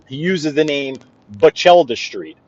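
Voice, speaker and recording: Driving while live-streaming, a Brooklyn, New York host with a Brooklyn accent rambles chattily to a guest and viewers, responding to their comments. His slightly high voice has lively intonation and a darkish tone, a little slow, and the sound is dull, dry, and lo-fi.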